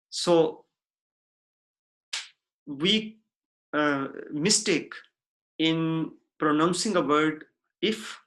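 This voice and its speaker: A man giving a recorded lecture in a deliberate, repetitive way, often checking in with the listener. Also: fairly high pitch, bright, forceful tone. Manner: deliberate, repeats himself, frequent "okay?" checks.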